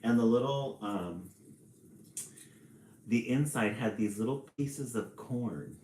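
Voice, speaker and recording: A man reading a children's storybook on a live stream and chatting with viewers in a relaxed, chatty way. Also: medium pitch, roomy sound, slight background noise, low-quality recording. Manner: slow, relaxed, chatty with small laughs.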